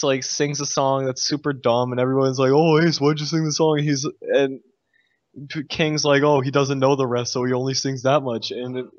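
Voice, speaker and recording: A man's voice: mid-range voice, no echo. Exasperated young man ranting, lo-fi. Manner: exasperated, sarcastic, sighing. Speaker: gamer recounting a game. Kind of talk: casual rant to camera. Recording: dull lo-fi dry recording.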